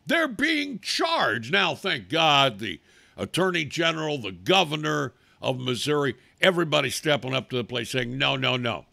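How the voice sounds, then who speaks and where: Talk show host, male, bright gravelly voice, angry profane rant, lively swings in pitch. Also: normal speed, no echo. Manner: angry, profane, loud outbursts. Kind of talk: ranting political talk show monologue.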